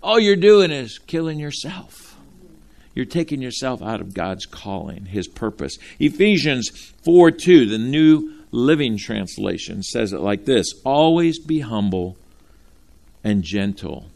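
A man preaching a sermon from Ohio, animated and folksy, calling out to his congregation. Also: mid-range voice, measured pace, creaky. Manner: animated, talks straight to the congregation with folksy asides. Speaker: pastor.

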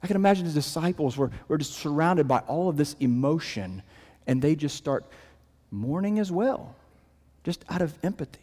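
A man preaching a sermon as pastor, his delivery moving between raised emphasis and hushed, quiet lows. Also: animated, normal speed, big-room sound.

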